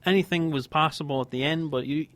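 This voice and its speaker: A man's voice: fairly high pitch, quick pace, a bit bright. A man co-hosting a casual wrestling podcast, talking in a heated, emphatic rant. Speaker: podcast co-host.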